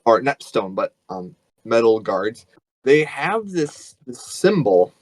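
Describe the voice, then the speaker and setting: A man's voice: mid-range voice, sing-song, takes it slowly, no echo, poor audio. A man running a tabletop game as game master, describing scenes casually with many fillers and restarts.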